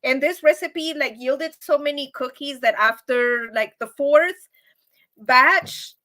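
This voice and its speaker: A woman with a high voice hosts a casual live-stream chat. She talks to her viewers in an upbeat, rambling way, often repeating words and laughing along the way. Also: slow pace, pushed and bright.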